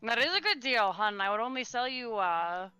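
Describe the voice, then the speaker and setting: A woman's voice: on the high side, animated, normal speed, sharp tone, clear, resonant tone, soft background music. A woman voicing a kindly older female shopkeeper who calls people honey and hun. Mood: friendly.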